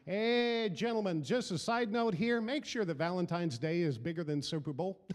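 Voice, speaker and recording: A man's voice: high-pitched, moderate pace, in a large hall. A middle-aged man preaching a sermon as pastor, building emphasis through repeated phrases. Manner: preaching with rising emphasis and repetition.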